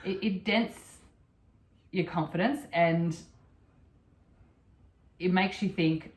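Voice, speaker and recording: Casting: middle-aged mum, lower voice, earnest and repetitive, echoey room. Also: female voice, slow pace, pauses often. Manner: earnest, repeats phrases while thinking. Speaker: podcast co-host. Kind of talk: casual conversational chat.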